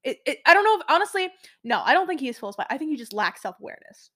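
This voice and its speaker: A woman's voice: high voice, big pitch swings, very fast, bright, forceful tone. A woman in her twenties chatting casually with a friend, rambling through stories with lots of "like" fillers. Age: 20s. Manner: chatty, full of "like" fillers, quoting others. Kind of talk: casual chat.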